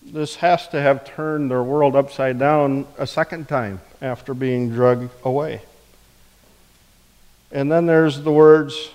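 Male preacher, mid-pitched, conversational sermon, echoing hall sound. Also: steady tone, takes it slowly, a little mellow. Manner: conversational, with rhetorical questions. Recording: reverberant hall.

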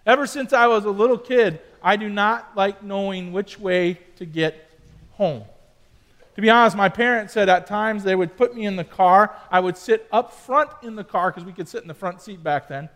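Man, middle-aged, very high-pitched, youth sermon, chatty storytelling, asides to audience. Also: normal speed, fairly bright tone. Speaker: youth pastor.

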